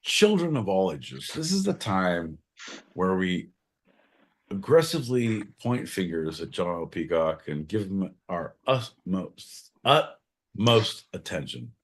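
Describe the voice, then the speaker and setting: A man voicing a circus ringmaster-style announcer with a grand, drawn-out delivery. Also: low voice, sing-song, pitched below the performer's own voice, full character voice. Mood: grandiose.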